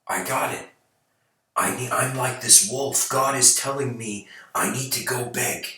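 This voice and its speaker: A man's voice: mid-range voice, a little slow, sharp tone. A man voicing a despairing lost wanderer who pleads and frets. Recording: echoey room, far from mic.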